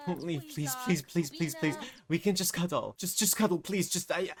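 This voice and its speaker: A man's voice: a little high, moderate pace, a crowd in the background, pitched above the performer's own voice, lightly acted. A man voicing a clingy, troubled young witch. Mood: pleading. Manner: insistent, pleading, stammering.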